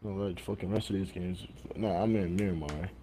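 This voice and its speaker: A man's voice: low-pitched, steady tone, fairly quick, dark tone. A young man streaming a game, chatting casually and telling rowdy, profane stories. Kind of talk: casual gaming chat. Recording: faint background noise.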